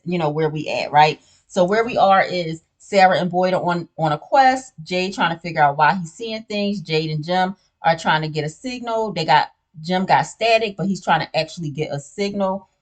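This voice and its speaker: A woman with a somewhat low voice gives a loose, conversational recap of a TV series. Her talk is slangy and full of "you know what I'm saying". She sips a drink between points. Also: normal speed. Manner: sips a drink while talking. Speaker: TV show recap host. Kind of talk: casual spoiler recap.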